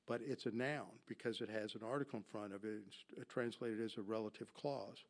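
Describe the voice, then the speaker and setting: A man with a fairly low, steady voice, talking a little fast, teaches the Bible from slides in a classroom-style lecture. Explaining Greek grammar, he questions his audience and then provides the answers himself.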